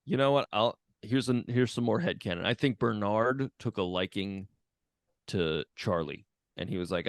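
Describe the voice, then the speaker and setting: A man's voice: fairly low pitch, normal speed, no room sound. Dry-sounding man swearing in casual chat. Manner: crude, laughing, swears freely. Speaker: podcast co-host.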